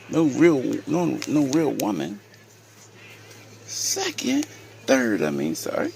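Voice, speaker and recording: A man's voice: mid-range voice, huge pitch swings, gravelly, darkish tone, a little hiss or hum. A man in a taunting roast rant, dragging his words out. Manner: taunting, drawn-out. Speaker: vlogger.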